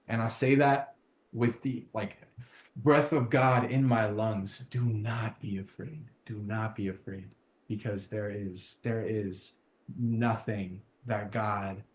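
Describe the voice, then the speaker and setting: Preachy, passionate podcast host, mid-pitched man, roomy echo. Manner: fervent, preachy, builds to shouting. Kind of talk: casual spiritual podcast chat.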